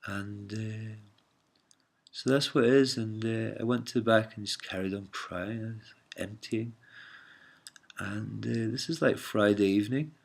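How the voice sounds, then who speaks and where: A man with a lowish voice and a gravelly edge tells a story in a loose, rambling way. He hesitates often, trails off, and keeps calling the listener mate or man. His tone has a husky grain to it. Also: steady tone, measured pace. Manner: meandering, hesitant, full of fillers, calls listener mate and man. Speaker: vlogger telling a personal story. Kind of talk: casual rambling monologue.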